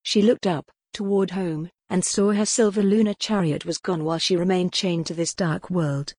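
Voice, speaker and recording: A woman reading a gothic novel aloud as the audiobook narrator, in a measured, dramatic storytelling manner. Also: lowish voice, fairly even intonation, darkish tone, husky, no echo, studio quality. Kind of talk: scripted narration.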